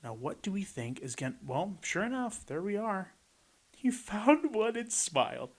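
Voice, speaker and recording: A man's voice: sits high, big pitch swings, measured pace. A man reading a rhyming picture book aloud and adding playful commentary between the pages. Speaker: storybook reader. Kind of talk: picture book read-aloud with chatty asides.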